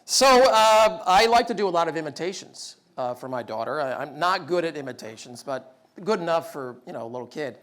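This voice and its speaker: High, lively-voiced man telling stories. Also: brisk. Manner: wry, self-deprecating humor. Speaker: public speaker. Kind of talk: storytelling talk.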